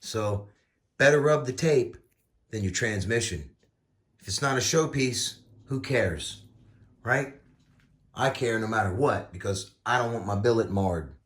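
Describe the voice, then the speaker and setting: Slow, folksy man at the bench. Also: on the low side, animated. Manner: folksy, playful exclamations. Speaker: RC car builder, channel host. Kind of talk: casual build tutorial.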